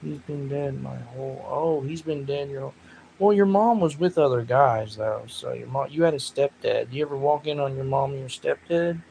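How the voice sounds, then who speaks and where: Gravelly man rambling on a livestream. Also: medium pitch, moderate pace, slight background noise, rough recording. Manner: rambling, animated storytelling with loud laughing outbursts. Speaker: livestream host. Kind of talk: casual livestream chat with viewers.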